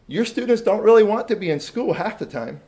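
A man telling a story to a room of teachers, animated and shifting between loud emphasis and quiet asides. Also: sits high, brisk, gravelly. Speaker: speaker addressing teachers. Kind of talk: storytelling talk to an audience.

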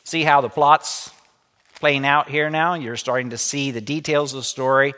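A man's voice: mid-range voice, steady tone, moderate pace, sharp tone, clear, resonant tone. A man teaching a lesson, reading a children's story aloud and stopping to explain it. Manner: explanatory, stops to comment. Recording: echoey room with long reverb.

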